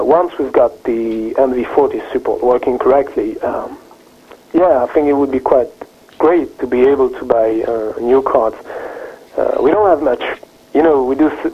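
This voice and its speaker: A male developer talks down a phone line, pausing and restarting often. The sound is thin and tinny. His voice is husky. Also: mid-range voice. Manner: halting, many fillers and restarts. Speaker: open-source driver developer guest. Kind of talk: interview over the phone.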